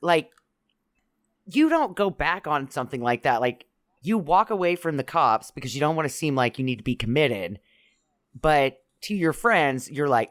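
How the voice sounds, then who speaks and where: A co-host with a lively, swinging voice, musing loosely during a casual movie podcast. The talk is rambling and chatty. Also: medium pitch, normal speed, no room sound, clean studio sound. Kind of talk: casual movie-recap chat.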